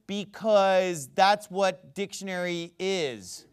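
This religious commentator, a man with a high voice, rants at a slow pace in a clean tone. He is emphatic and sarcastic, and he frequently stammers and starts his sentences over.

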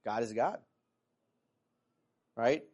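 A middle-aged man preaching a sermon in a conversational way, with many fillers and restarts, rising in pitch and volume when he reads scripture aloud. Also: extremely slow, darkish tone. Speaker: pastor.

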